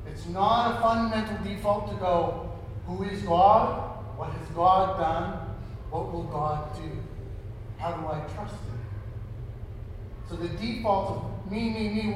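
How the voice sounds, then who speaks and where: This pastor's voice is high-pitched, and he talks with his congregation in a casual way, asking questions he doesn't expect answered. The recording is echoey and distant, with some faint background noise.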